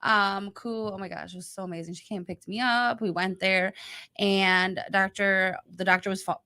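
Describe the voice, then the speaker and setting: A woman with a bright, forceful voice tells a story in a casual chat. She is animated and quotes the people in it. She chats as a co-host. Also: mid-range voice, moderate pace, smooth. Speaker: podcast co-host.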